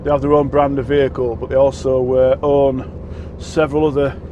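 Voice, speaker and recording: A man's voice: medium pitch, flat delivery, normal speed, narrow, tinny audio, background noise. A man from England who drives trucks, chatting casually in a rambling, self-deprecating way with lots of fillers and restarts, recorded in his truck cab. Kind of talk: casual vlog chat.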